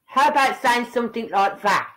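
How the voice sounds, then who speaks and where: A woman's voice: a little high, lively intonation, moderate pace, fairly bright tone, rough recording. A woman giving angry, blunt reaction commentary, heated and swearing as she talks to the people on screen. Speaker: online commentator.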